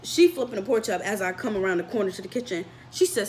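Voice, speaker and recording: A young woman vlogger telling a story from her life in a casual, animated way, with lots of "like" and acted-out voices. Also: mid-range voice, fast talker, slight background noise. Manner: animated storytelling, fillers with "like", acts out quoted voices.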